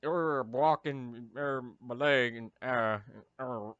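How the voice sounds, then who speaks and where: A man's voice: mid-range voice, slow, fairly bright tone, clean tone, no echo. A man giving rambling, jokey movie-riffing commentary as a YouTuber, full of silly asides and stumbling fillers. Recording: dull lo-fi sound, dry.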